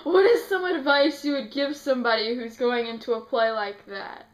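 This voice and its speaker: A woman's voice: high voice, fairly even intonation, normal speed. A girl interviewing her sister, asking questions plainly and a little hesitantly. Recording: echoey room.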